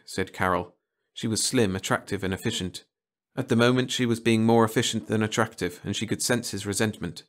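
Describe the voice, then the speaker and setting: A man narrating a short story in a calm, measured reading voice. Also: lowish voice. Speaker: audiobook narrator. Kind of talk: scripted narration.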